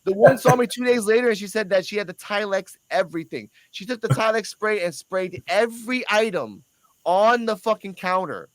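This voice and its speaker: Host, male, high-pitched and dry, animated swearing storyteller who plays out every part. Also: a little fast, no room sound, low-quality recording. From Puerto Rico. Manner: animated, profane, acts out the other people in his stories. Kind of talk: casual storytelling on a reaction show.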